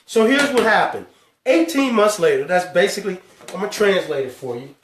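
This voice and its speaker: A man hosting a live financial talk, stressing each number slowly and calling out to his viewers. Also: sits high, big pitch swings, far from the mic, a little hiss or hum. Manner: emphatic, drawn-out numbers, calls out to viewers. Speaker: host. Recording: echoey room, speaker away from mic.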